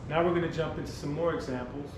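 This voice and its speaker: A man's voice: a little high, steady tone, recorded from a distance, background noise. Man teaching in an echoey classroom. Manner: patient, explains step by step, sounds words out slowly. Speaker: Spanish teacher. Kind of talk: classroom demo lesson. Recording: very echoey classroom, from the mic, music behind.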